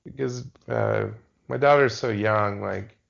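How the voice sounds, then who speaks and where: A man co-hosting a podcast, chatting casually in a halting way with many fillers. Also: on the low side, gravelly. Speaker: podcast co-host. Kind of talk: casual chat. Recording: dull lo-fi podcast audio.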